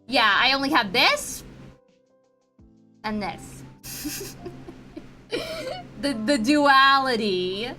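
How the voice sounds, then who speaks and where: A chatty woman streamer with a high, bright voice, laughing easily and doubling up her words as she teases her chat. Faint music plays behind her. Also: lively intonation, very slow, pauses often. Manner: chatty, giggly, repeats words, playful teasing. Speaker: VTuber streamer. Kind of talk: casual live-stream chat.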